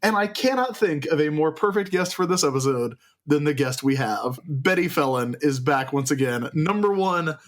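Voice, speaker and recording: A man's voice: on the high side, moderate pace, few pauses. A man hosting a podcast, introducing the episode and chatting in an upbeat, playful way. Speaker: podcast host. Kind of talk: casual podcast chat.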